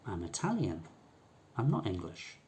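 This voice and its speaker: A man quoting a relaxed Italian student. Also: deep voice, measured pace, slight background noise, voice pushed down, heavily acted. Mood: puzzled. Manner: questioning, plainly puzzled.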